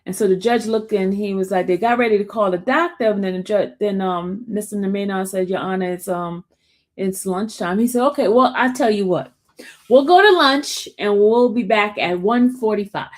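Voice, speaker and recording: A woman hosts a casual live stream and talks straight to her viewers. She tells the story in a chatty, animated way and keeps calling them y'all. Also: medium pitch, moderate pace. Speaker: show host recapping a trial.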